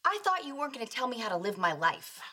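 An actress playing a young waitress and mother who jokes her way out of trouble with quick sarcastic quips. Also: fairly high pitch, sing-song, very noisy. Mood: sheepish. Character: wry, flustered young mother who fibs. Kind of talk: sitcom acting.

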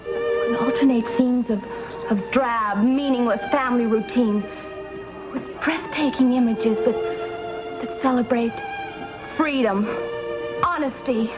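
An actress playing a dreamy young free spirit. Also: female voice, a little high, a little slow, long pauses, lightly acted. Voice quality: dreamy, self-admiring. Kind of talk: 1960s sitcom acting. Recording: dull old TV soundtrack with music.

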